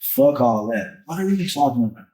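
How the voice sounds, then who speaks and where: A man appearing as a musician guest on a podcast, talking casually in animated street slang and swearing often. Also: medium pitch, normal speed, poor audio. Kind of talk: casual conversation.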